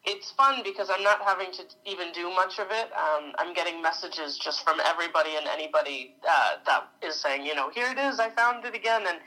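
A woman in her thirties from New York, a mother giving a relaxed, friendly podcast interview. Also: lowish voice, a little fast, hardly any pauses, rough recording. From New York, USA. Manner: friendly, easygoing. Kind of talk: interview answers.

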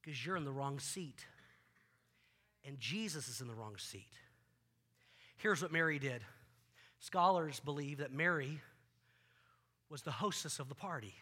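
A male pastor preaching a sermon on a church stage, animated, acting out scenes with volunteers and often repeating words. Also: mid-range voice, unhurried, pauses often, husky.

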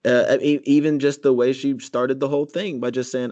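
A man's voice: medium pitch, steady tone, a little fast, hardly any pauses, darkish tone, muffled recording. A man co-hosting a casual podcast chat, talking emphatically in slang about a TV episode and agreeing often. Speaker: podcast co-host.

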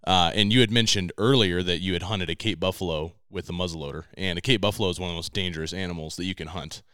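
A man's voice: sits low, fairly even intonation, quick pace, bright, forceful tone, smooth, dry recording, studio quality. A man hosting an interview, steadily setting up his guest's next story. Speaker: podcast host, interviewer. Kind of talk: conversational interview.

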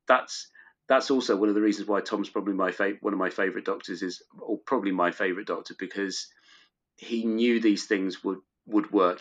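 A middle-aged man as a podcast guest, chatting fondly and rambling with many restarts. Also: low voice. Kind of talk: casual chat. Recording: dull lo-fi recording.

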